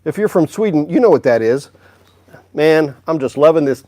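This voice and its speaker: A man's voice: fairly high pitch, expressive, moderate pace, warm tone, no echo. A man hosting a casual music store livestream, upbeat and chatty, greeting viewers by name.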